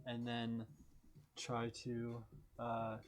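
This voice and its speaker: A man's voice: medium pitch, completely flat delivery, very slow. A man playing a character in a tabletop game, hesitant and full of ums and restarts. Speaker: player. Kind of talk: casual tabletop play.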